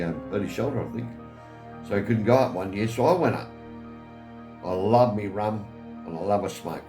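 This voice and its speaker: Older English man spinning family yarns. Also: low voice. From England. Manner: chatty, chuckling, acts out quoted voices. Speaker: vlogger. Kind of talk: rambling family storytelling. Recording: roomy with faint music behind.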